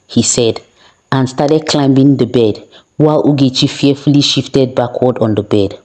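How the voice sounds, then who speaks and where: A woman storyteller narrating a folktale in a steady, plain way with the odd small restart. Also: a bass voice, normal speed, rough recording.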